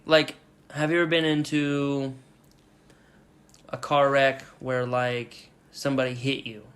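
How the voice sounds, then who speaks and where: A man's voice: medium pitch, unhurried. Young man telling a wild story. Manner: profane, animated retelling with loud shouted quotes. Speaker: podcast co-host. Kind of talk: casual storytelling.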